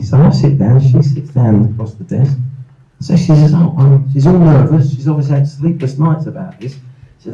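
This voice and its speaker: A man in his sixties from England, telling lively anecdotes at a live event and acting out the voices of people in his stories. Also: medium pitch, normal speed, reverberant, highs cut off. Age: 60s. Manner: anecdotal, animated, acts out voices. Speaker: guest speaker. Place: event hall.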